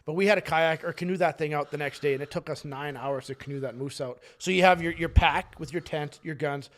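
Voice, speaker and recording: A man from Canada holds the floor on a casual podcast, his voice sitting a little high and his words tumbling out quickly. He swears freely, rambles from one detail to the next and laughs at his own misadventures. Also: a bit bright. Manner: rambling, profane, laughs while telling stories. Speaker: podcast co-host.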